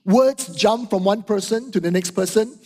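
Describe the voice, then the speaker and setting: A man's voice: high-pitched, normal speed, warm tone. A middle-aged man, preaching a sermon with emphatic repetition and frequent "right?" and "okay?". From Singapore. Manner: emphatic, repeats key phrases, asks "right?" and "okay?". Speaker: pastor. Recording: hall reverb.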